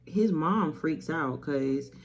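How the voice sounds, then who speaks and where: A woman's voice: sits low, takes it slowly, husky. A young woman telling a story in a casual, slangy way, acting out the characters as she goes. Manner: animated, slangy, acts out quotes. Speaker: beauty vlogger.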